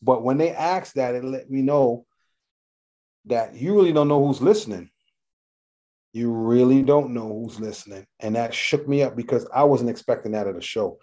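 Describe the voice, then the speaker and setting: A middle-aged man, a rapper guesting on an interview, telling animated stories, acting out voices and swearing freely. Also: medium pitch, normal speed. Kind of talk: casual storytelling interview.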